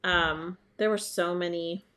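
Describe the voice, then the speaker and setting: A woman co-hosting a casual chat in a relaxed way, reading listener messages aloud. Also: on the low side, unhurried. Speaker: podcast co-host, stepmom.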